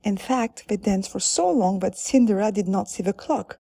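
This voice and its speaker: A woman narrating a children's storybook in a calm, deliberate way. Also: medium pitch, gravelly, breathy edge, no room sound, studio quality.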